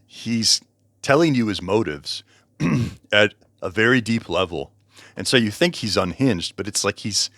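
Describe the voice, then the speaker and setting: Man, very low voice, dry close sound, casual book review, rambling, self-correcting. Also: fairly bright tone, no room sound. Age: over 20.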